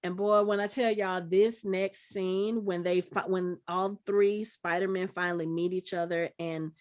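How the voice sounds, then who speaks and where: A woman's voice: fairly low pitch, fairly even intonation, measured pace. A woman in her forties, a podcast co-host, chatting casually and acting out movie scenes as she retells them. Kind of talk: casual chat.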